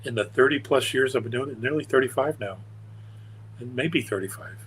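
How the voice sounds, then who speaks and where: A man's voice: medium pitch, brisk, fairly bright tone, a little hiss or hum, poor audio. An older man, a guest on an interview show, telling stories in a meandering, earnest and wry way. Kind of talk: casual storytelling interview.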